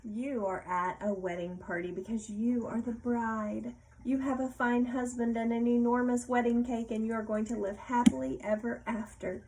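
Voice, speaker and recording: A woman reading a picture book aloud to a child, playful, pausing to ask questions and laughing often. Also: fairly high pitch, fairly even intonation, a little mellow, a little hiss or hum, low-quality recording.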